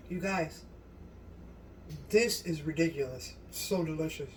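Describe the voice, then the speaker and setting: A woman hosting a home cooking video in her kitchen, gushing with excitement and talking straight to her viewers in a casual way. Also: lowish voice, far from the mic, a little hiss or hum, rough recording. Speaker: cooking channel host.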